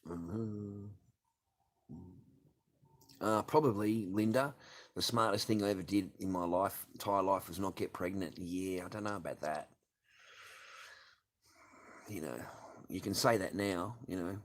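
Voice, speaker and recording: A middle-aged man talks casually on his livestream, answering chat messages with heavy swearing and biting sarcasm. His voice sits a little low, and he argues and rants as he goes. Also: unhurried, long pauses. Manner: swears constantly, argumentative and sarcastic. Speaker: livestream host reading chat.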